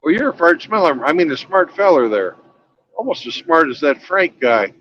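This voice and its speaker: A man's voice: fairly high pitch, very animated, normal speed, muffled recording, a little hiss or hum. A man hosting a casual talk show, joking with callers and telling a long joke. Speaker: host.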